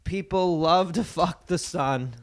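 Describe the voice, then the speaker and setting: A man with a high voice riffs casually on a comedy podcast. He swears freely and slides into quick bits. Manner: profane, riffing, jumps into voices. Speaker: podcast co-host.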